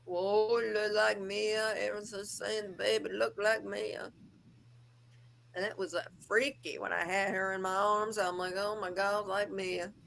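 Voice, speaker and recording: A woman co-hosts a live gossip chat, trading sarcastic jabs in an animated way. Her voice is bright and forceful. A faint background hiss runs under it. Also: medium pitch, unhurried, creaky, poor audio. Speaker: co-host.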